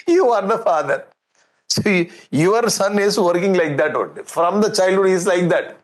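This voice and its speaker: A man's voice: high voice, moderate pace, natural voice. A man with an Indian English accent voicing a defensive male schoolteacher who pleads, chuckling, that the fault is not his.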